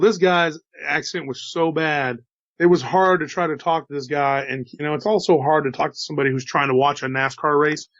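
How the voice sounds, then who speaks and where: A man's voice: fairly high pitch, fairly even intonation, brisk, a bit bright, dry recording, lo-fi sound. Folksy man with a slight Texas drawl. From Texas, USA. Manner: chatty, folksy asides to listeners. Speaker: host telling encounter stories. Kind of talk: casual storytelling.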